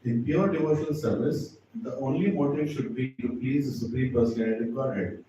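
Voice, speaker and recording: A man reading a scripture commentary aloud in a steady, measured way. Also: mid-range voice, a little hiss or hum. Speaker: reader. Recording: echoey hall, far from the mic.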